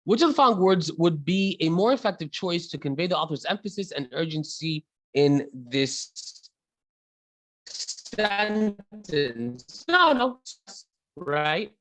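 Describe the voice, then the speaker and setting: A man's voice: fairly high pitch, expressive, slow, no room sound, rough recording. A man with an Egyptian accent teaching an online class. He switches between English and Arabic mid-sentence and calls on students by name. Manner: chatty, addresses students by name.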